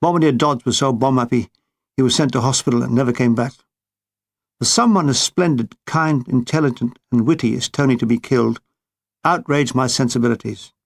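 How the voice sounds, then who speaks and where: A man reading his own war memoir with a dry, deadpan comic delivery. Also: medium pitch, brisk, creaky. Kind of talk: audiobook memoir narration.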